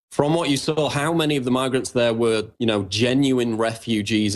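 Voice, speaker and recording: Brisk man hosting talk radio. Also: fairly low pitch. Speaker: guest host.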